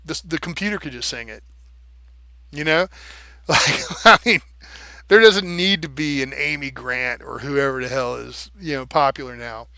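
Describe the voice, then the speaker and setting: A live streamer talks casually and animatedly, swearing freely and tapping out rhythms with nonsense syllables. His medium-pitched voice is bright and forceful, at a normal speed, with no echo.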